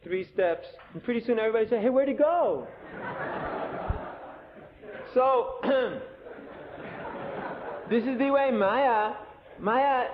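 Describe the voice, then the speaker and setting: High-voiced man in a tinny old recording. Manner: animated storytelling, sarcastic asides. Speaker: monk giving a scripture lecture. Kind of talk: sermon. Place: temple lecture hall. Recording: tinny lo-fi 1980 tape with faint hiss.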